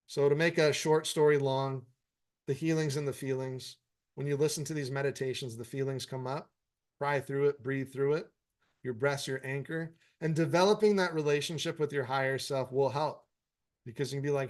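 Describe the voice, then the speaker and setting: A man's voice: medium pitch, normal speed. A man hosting a meditation Q&A, chatting casually and swearing freely as he answers viewer comments. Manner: frank, profanity-laced, encouraging. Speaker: meditation teacher and host.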